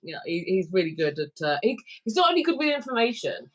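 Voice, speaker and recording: A woman's voice: mid-range voice, very animated. A woman co-hosting a casual live stream, bubbly and playful, chatting with viewers and friends. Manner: bubbly, playful, quick to laugh. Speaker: livestream co-host.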